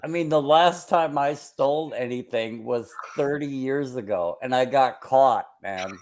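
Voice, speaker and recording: A man of middle pitch chats casually. He circles back over his points with earnest fillers. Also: a little slow. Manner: earnest, repeats himself with fillers. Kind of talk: casual chat.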